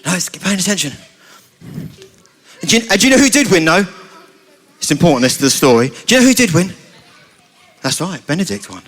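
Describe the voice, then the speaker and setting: A man's voice: high voice, very animated, a little fast, long pauses, fairly bright tone. A man with a British accent telling a playful story at a family church service, often asking the children questions. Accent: British English.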